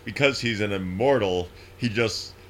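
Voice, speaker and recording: A man's voice: fairly low pitch, moderate pace. A man, a podcast guest, chatting casually and teasing the host with jokes and mock voices. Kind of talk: casual chat.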